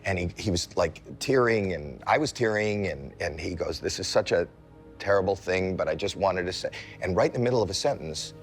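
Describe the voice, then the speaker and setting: A man in his sixties, a celebrity guest, telling a story in a casual chat with lively comic timing that jumps into high-pitched yelps as he acts out scenes. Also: fairly quick, faint music behind. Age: 60s.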